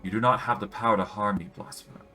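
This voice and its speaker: Man reading as a stern priestess of death, calm, measured, low voice. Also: soft background music. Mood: solemn. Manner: solemn, measured.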